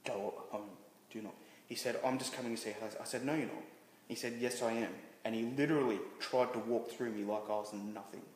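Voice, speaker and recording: A man being interviewed as a guest, telling a personal story candidly, halting and restarting with many fillers. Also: medium pitch, steady tone. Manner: halting, frequent restarts and "you know" fillers. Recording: roomy reverberant room with faint noise.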